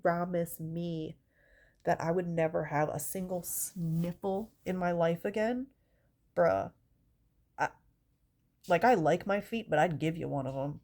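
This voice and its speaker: A woman's voice: fairly low pitch, a little slow, long pauses, darkish tone. A woman with a stuffy, congested nose, doing a stand-up comedy bit in an exasperated, rambling way, swearing often.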